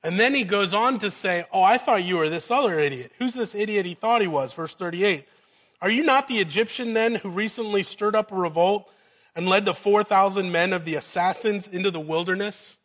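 A man's voice: high voice, moderate pace, a bit bright. A male pastor preaching a conversational sermon, often checking in with his listeners and acting out the scene he is telling. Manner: conversational, asks the audience "right?" often, dramatizes the scene.

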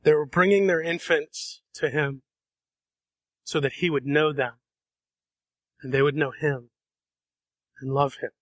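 A man preaching a sermon, dramatic, acting out voices and shifting between soft and loud passages. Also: on the high side, fairly even intonation, a little slow, pauses often, no echo. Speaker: pastor.

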